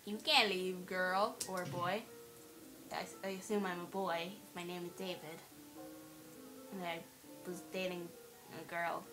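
A woman's voice: on the low side, flat delivery, unhurried, pauses often, rough recording. A woman doing let's play commentary on a horror game at her computer, playful, teasing and giggly. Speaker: gamer playing a horror game. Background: faint game music.

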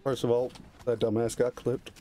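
A young man on a headset mic, trading crude jokes with a friend during an online game. He teases constantly, bursts out loudly now and then and laughs a lot, in an ordinary mid-range voice. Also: medium pitch, level tone, normal speed. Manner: teasing, loud outbursts, laughing often. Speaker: gamer and channel host. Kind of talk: crude joking voice chat while gaming.

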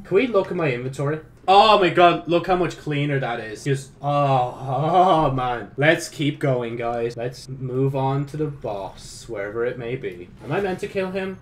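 A young man giving sweary gameplay commentary, dropping from low mutters to frustrated yells. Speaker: gaming YouTuber.

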